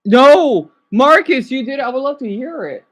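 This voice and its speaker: A woman with an American accent, streaming and reacting to videos in a rambling, excitable chat with her viewers. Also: high-pitched, fast talker.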